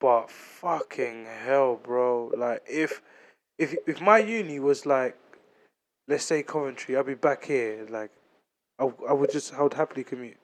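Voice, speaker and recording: A man's voice: mid-range voice, unhurried. A man, chatting casually on a podcast with lots of slang and frequent laughter. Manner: animated, slangy, laughs often. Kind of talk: casual chat.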